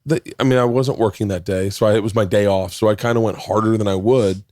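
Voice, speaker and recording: A man's voice: lowish voice, steady tone, fast talker, warm tone, dry recording, studio quality. A man in his forties, a podcast guest, telling a rambling story with lots of swearing and self-talk in casual chat. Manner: rambling storytelling, heavy swearing, acts out his own inner voice.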